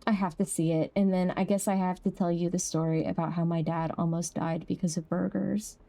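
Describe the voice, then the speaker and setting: A young woman streaming a game, chatting casually with viewers, laughing easily and jumping up high when something amuses her. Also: level tone, fairly quick, vocal fry, warm tone. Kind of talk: casual live-stream chat.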